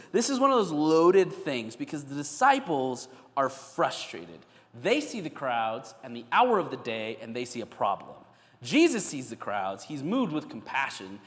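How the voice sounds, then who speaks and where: A male pastor preaching a sermon, telling the story with animated, acted-out scenes. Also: mid-range voice. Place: church. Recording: echoey church hall.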